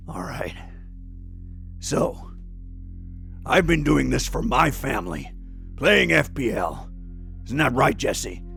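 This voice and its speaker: Guy putting on a gravelly low menacing kingpin, slow and self-important, faint music behind. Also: big pitch swings, a bit bright, heavily acted. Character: gravelly middle-aged male drug kingpin, menacing.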